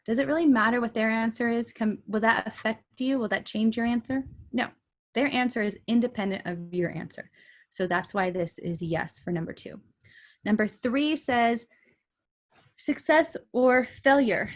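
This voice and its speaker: A woman math teacher recording a lesson from her bedroom, casual and thinking aloud with frequent ums. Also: mid-range voice.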